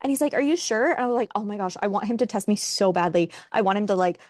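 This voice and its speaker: A young woman co-hosting a casual chat, telling a story in a wry, animated way and acting out what others said. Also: mid-range voice, rapid-fire, dry recording, studio quality. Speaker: podcast co-host.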